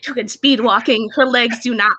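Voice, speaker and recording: A woman's voice: on the high side, fairly even intonation, normal speed, sharp tone, dry recording, highs cut off. A woman playing a tabletop role-playing game, swearing often and laughing as she describes her character. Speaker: player. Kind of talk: tabletop role-play banter.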